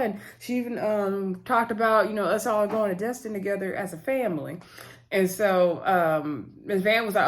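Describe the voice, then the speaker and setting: A woman's voice: medium pitch, brisk. Chatty woman recapping a reality show. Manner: chatty, retells scenes by voicing the cast, many fillers and laughs. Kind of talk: casual recap with acted-out quotes.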